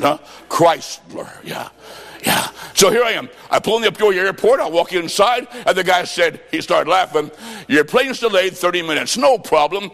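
A man from the American Midwest preaches a fervent revival sermon in a high, ringing voice, breaking into shouted bursts and telling stories through quoted back-and-forth dialogue. The long reverb of a large hall trails every phrase. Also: gravelly.

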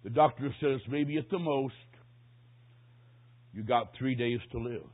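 Man doing a solemn pastor, blunt and earnest, husky voice, phone-quality sound. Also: mid-range voice, a little slow, voice pushed down, lightly acted. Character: solemn grown male pastor at a deathbed. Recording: tinny phone-like recording.

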